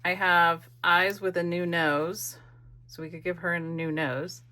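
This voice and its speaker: A woman's voice: fairly low pitch, level tone, unhurried, pushed and bright. A middle-aged woman hosting a craft video, chatting playfully and teasing herself as she works. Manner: chatty, self-mocking, playful. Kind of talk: casual crafting narration.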